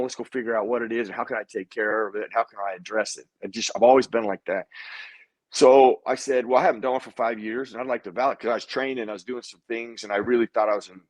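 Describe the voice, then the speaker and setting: The recording is dry, and the man's voice sits in the mid-range. A guest in an informal interview, he relates a personal story with lots of energy, performing the words of the people involved.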